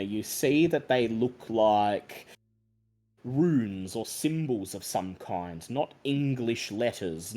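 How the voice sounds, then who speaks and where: A man narrating a tabletop horror game as game master, in a slow, deliberate, suspenseful manner. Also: lowish voice, darkish tone.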